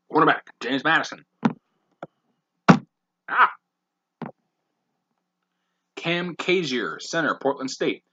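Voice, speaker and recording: Man, podcast host, bright husky voice, brisk blunt list reading, dull lo-fi sound. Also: mid-range voice. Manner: brisk, blunt, profane asides.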